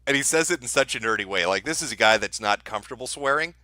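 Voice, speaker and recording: Man, sarcastic stream commentary, very bright tone, dry close sound, lively pitch. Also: fast talker, no room sound. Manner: sarcastic, mocking, laughs at clips. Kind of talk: mocking commentary.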